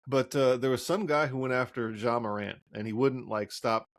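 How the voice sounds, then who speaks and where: A man co-hosting a basketball podcast, telling stories in a rambling, animated way with lots of fillers. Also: medium pitch, moderate pace. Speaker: podcast co-host. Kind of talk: casual chat.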